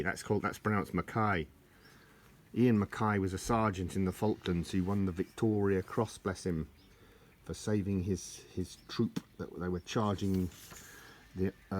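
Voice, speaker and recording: A middle-aged man chatting casually and joking his way through an old book, laughing at his own jokes. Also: low voice. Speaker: vlogger leafing through an old tartan book. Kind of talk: rambling casual chat.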